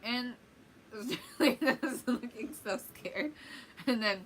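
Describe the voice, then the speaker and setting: A woman's voice: a little high, slow pace, fairly bright tone, slight background noise, poor audio. A young woman, likely in her teens, casually telling a vlog story with lots of fillers and giggles. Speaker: vlogger.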